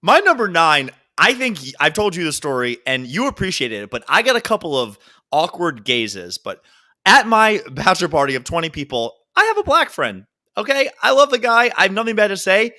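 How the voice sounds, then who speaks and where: Telling joking stories and often breaking into laughter, this podcast co-host keeps the chat casual. His fairly high, bright voice has a sing-song quality, moves up and down, and runs a little fast.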